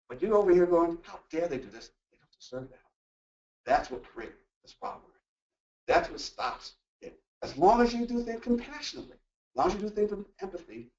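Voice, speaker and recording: A man presenting a motivational workplace talk, animated and full of rhetorical questions. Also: sits high. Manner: animated, acts out quoted voices and asks rhetorical questions. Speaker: workshop presenter. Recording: echoey room, distant mic, dull lo-fi sound.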